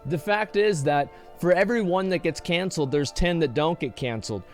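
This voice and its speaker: A man's voice: a little high, brisk, soft background music. A man streaming casually, reacting to a video with exasperated rants and many restarts. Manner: exasperated, ranting, lots of restarts.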